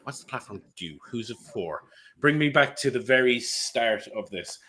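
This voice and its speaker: A man's voice: mid-range voice, expressive, normal speed, sharp tone, slight background noise. A man hosting a podcast in a playful, joking and loose way. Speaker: podcast host.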